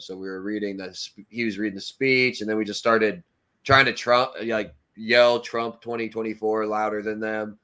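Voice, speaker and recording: A man's voice: on the low side, moderate pace, sharp tone, smooth. A young man co-hosting a casual podcast, retelling a story in a mocking tone and laughing often. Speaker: co-host.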